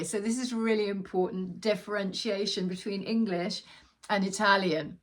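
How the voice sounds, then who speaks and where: A woman teaching an online lesson, chatting casually and slowly drawing out example words for the viewer to repeat. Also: medium pitch, fairly even intonation, fairly bright tone.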